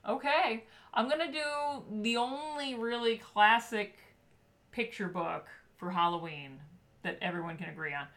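Bright-voiced teasing woman co-host. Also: a little high, a little slow. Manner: playful and teasing. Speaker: podcast co-host. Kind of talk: casual chat.

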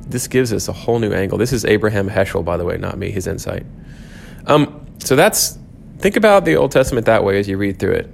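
A man's voice: fairly low pitch, animated, quick pace, creaky, a little hiss or hum. A man teaching a church class, thinking aloud with frequent restarts and fillers.

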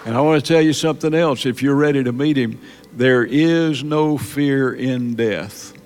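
A man preaching a sermon in church, halting and repeating words, then building to emphatic peaks. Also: medium pitch, darkish tone, some chatter behind, slight background noise. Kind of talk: sermon testimony.

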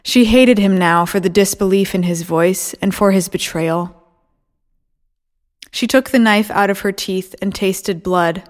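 A woman's voice: mid-range voice, measured pace. Woman narrating a story steadily. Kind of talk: audiobook narration.

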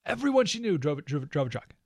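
Male talk radio host, sarcastic and emphatic, higher pitch, dry booth. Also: sing-song, fast, no echo. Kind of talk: opinionated talk radio monologue.

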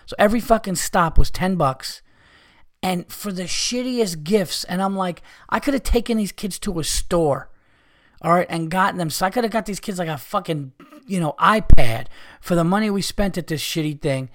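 A man's voice: high-pitched, normal speed, fairly bright tone. A man hosting a podcast, ranting heatedly with lots of swearing. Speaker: podcast host.

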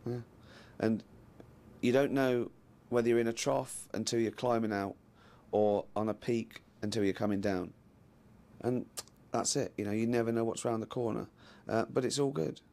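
A man's voice: medium pitch, moderate pace, vocal fry, dark tone, lightly acted. An actor playing a rambling, self-satisfied middle-aged male office boss who offers folksy life wisdom in a TV comedy. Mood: musing.

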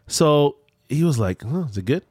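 In a casual chat, a man tells a long, rambling story with lots of animation, his voice rising and falling a great deal and his sentences often restarting. His voice sits on the high side, husky, at a moderate pace, and the sound is close and dry with no echo.

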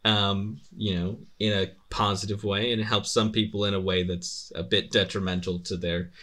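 A man's voice: on the low side, little pitch movement, moderate pace, pushed and bright. A young man co-hosting a podcast, chatting casually with a rambling, restarting way of talking and a dry humor. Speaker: podcast co-host.

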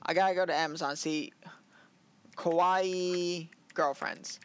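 A man's voice: high-pitched, fairly even intonation, slow, fairly bright tone, clean tone. A man co-hosting a casual anime review chat, rambling, laughing and acting out scenes as he talks. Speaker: podcast co-host.

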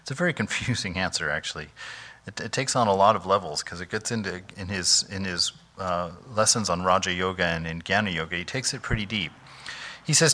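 Speaking in a deep voice at normal speed, a monk delivers an informal, animated spiritual talk, chatty in tone, with frequent "you know"s and soft laughter.

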